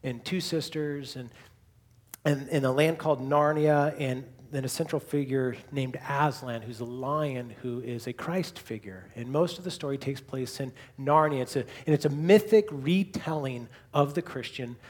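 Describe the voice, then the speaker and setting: A man's voice: mid-range voice, normal speed, a little mellow. A male pastor preaching a sermon and closing in prayer, building to emphatic repeated lines and then falling to a near whisper.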